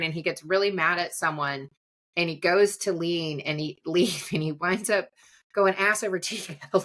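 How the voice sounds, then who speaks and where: A woman's voice: fairly low pitch, a bit bright. A middle-aged woman hosting a podcast, chatting casually and rambling with frequent giggles. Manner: giggly, rambling, laughs often. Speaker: podcast host. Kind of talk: casual chat.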